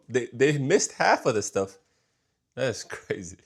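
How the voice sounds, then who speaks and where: A man hosting a reaction video, musing casually and often trailing off quietly, with repeated remarks of disbelief. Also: medium pitch, very animated, measured pace, slightly rough.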